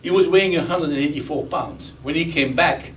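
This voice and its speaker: This man's voice sits fairly high and moves a little fast. He's in his eighties, Belgian-accented, and speaking to an audience as a veteran guest, cracking jokes, chatting away, and repeating points to stress them. A faraway mic picks up faint background noise.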